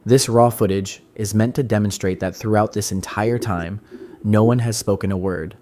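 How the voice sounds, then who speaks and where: Mellow low man narrating in voice-over. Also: fairly even intonation, moderate pace.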